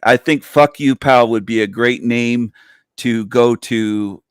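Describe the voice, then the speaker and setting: A man's voice: slow, clear, resonant tone, no room sound, clean studio sound. A man co-hosting a livestream, chatting casually, reading out his chat and laughing a lot. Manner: bursts into high laughter, reads chat aloud. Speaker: livestream co-host.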